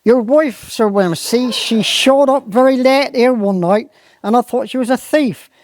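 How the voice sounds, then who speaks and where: A simple old gamekeeper with a broad Cornish accent breaks bad news in a halting, roundabout way, as a storyteller puts him on. His voice sits a little above the teller's own. The recording is dry and close. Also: very high-pitched, dry recording, voice pushed up. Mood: hesitant. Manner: hesitant, roundabout, drawn-out dialect speech. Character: slow-witted, apologetic old Cornish gamekeeper.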